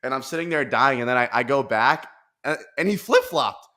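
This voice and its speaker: A man hosting a casual podcast, talking in animated, profane rants with bursts of laughter. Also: medium pitch, brisk. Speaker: podcast host.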